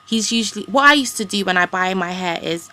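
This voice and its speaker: A woman's voice: mid-range voice, lively intonation, fairly quick, sharp tone. A young woman, ranting in a rambling, indignant way with casual slang as a vlogger. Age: young adult. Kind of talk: ranting to camera.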